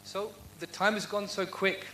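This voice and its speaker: A man's voice: sits high, level tone, moderate pace, bright, forceful tone, slight background noise, low-quality recording. A man speaking earnestly at a university event, answering audience questions in a heartfelt devotional talk full of rhetorical questions. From United Kingdom.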